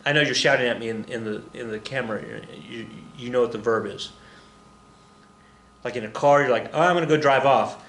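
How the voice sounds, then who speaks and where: A man's voice: medium pitch, brisk, a bit bright, echoey room. A man teaching a casual recorded history lesson, rambling and jokey, muttering to himself and acting out the people he quotes.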